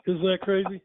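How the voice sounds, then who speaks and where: An older man telling stories casually, rambling and correcting himself as he goes. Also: high voice. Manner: rambling, self-correcting, chuckling. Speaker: storyteller. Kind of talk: casual storytelling. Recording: tinny phone-like sound.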